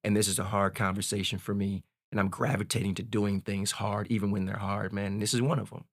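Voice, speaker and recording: A man in his forties, a podcast guest telling a personal story in a candid, animated way. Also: lowish voice, fast, no room sound, studio quality. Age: 40s. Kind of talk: casual storytelling.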